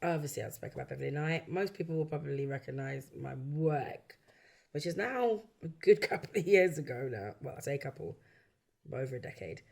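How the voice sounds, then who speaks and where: This London woman in her early forties is a backing singer and songwriter with a London English accent. In a relaxed, chatty interview she recounts stories from her career, acting out quoted voices and laughing often. Her voice is low, brisk and creaky.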